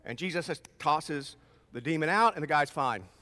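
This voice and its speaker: A man's voice: on the high side, moderate pace. A man preaching a conversational sermon as pastor in a church. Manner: animated, conversational preaching with acted-out voices. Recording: long reverb in a large hall.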